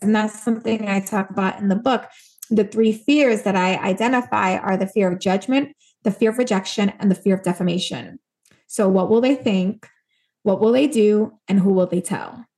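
Earnest and emphatic in a casual interview, a woman author from Puerto Rico acts out quoted voices as a guest. She speaks at a medium pitch and moderate pace, with a darkish tone.

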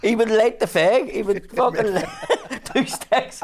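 A man's voice: high-pitched, unhurried, crowd noise. A man with a Belfast accent telling sweary, laughing anecdotes in a casual podcast chat. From Northern Ireland.

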